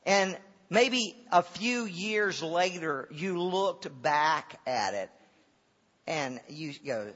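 A man preaching a sermon as a pastor, earnest and full of halting restarts. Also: fairly high pitch, lively intonation, a bit bright. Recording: long hall reverb, dull lo-fi sound.

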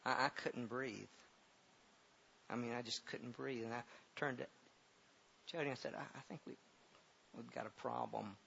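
Gravelly middle-aged male preacher, lo-fi. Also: medium pitch, steady tone. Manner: halting, repeats words, grows loud and emphatic when preaching. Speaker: pastor. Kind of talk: sermon with personal story. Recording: dull lo-fi recording with faint hiss.

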